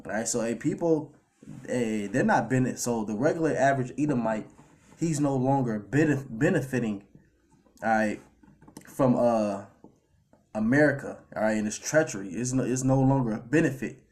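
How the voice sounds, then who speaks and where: A man's voice: medium pitch, normal speed, darkish tone. Loose-talking preacher man. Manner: loose, repetitive fillers like "all right" and "man", reads scripture aloud. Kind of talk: casual street-style sermon over clips.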